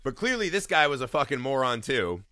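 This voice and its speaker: Profane, animated American storyteller man. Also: medium pitch, brisk, dry recording. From Indiana, USA. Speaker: podcast co-host. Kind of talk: casual chat.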